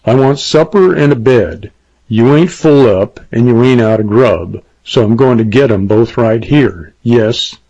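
A man voicing a tough cowboy gunman, cold and threatening, in a slow, deliberate western drawl, for an audiobook. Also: mid-range voice, darkish tone, no echo. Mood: curt. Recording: dull lo-fi dry recording.

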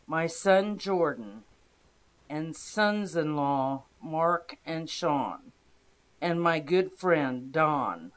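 Calm narrator reading true-life faith stories, slow and steady, middle pitch. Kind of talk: scripted narration of first-person inspirational stories.

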